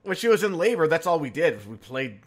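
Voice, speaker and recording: A man's voice: a little high, big pitch swings, fast talker. A man hosting a podcast who chats casually and drops joking asides. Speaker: podcast host.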